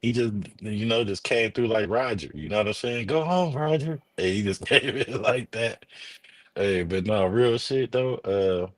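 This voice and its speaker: Man, low pitch, dry close mic, slangy, excitable, casual sports podcast co-host. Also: normal speed, dry recording. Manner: loose, slangy, excitable, laughs often.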